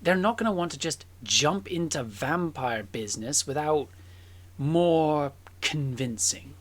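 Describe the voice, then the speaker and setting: A woman's voice: sits low, expressive, measured pace. A woman voicing a nervous, bookish young woman in glasses, stammering and flustered in a tabletop role-play.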